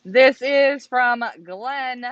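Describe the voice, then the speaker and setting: A woman's voice: sits high, very slow. A woman co-hosting a live stream, chatting casually and joking as she reads out names. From Canada. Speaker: co-host of a live pigeon race stream. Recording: slightly dull lo-fi stream audio.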